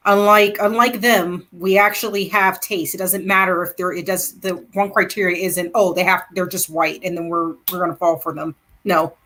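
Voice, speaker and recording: A woman guest in a casual group chat, dismissive and quick to laugh. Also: on the low side, steady tone, sharp tone.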